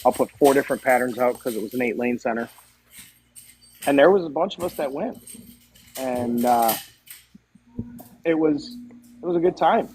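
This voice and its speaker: A man as a podcast guest, telling stories in a casual, animated way and acting out the dialogue. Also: mid-range voice, normal speed, long pauses, slight background noise, rough recording. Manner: animated, acts out quoted dialogue. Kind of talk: casual storytelling.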